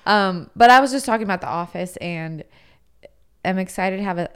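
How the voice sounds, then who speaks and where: Smooth-voiced chatty woman. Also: mid-range voice, a little fast. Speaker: podcast co-host, furniture buyer for clients. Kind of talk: casual chat. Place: office podcast setup.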